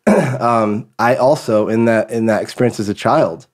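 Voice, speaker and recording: A man's voice: mid-range voice, unhurried. A man as a podcast guest, talking candidly and loosely, telling personal stories with lots of fillers. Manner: candid, storytelling, many fillers. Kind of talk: casual conversation.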